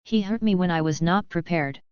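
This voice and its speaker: A woman's voice: fairly low pitch, moderate pace, darkish tone, clean tone, no room sound, natural voice. Brief: arrogant young clan heir, disdainful, read in a woman's voice; dry, slightly dull sound. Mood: scornful. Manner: arrogant, scornful. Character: haughty boy heir of the main family.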